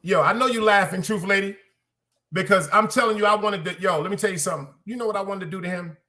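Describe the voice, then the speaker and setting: A man ranting through a work story on his podcast, profane and animated, repeating lines for emphasis and calling out to his listeners. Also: high voice, quick pace. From Brooklyn, New York. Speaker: podcast host. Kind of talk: casual storytelling rant.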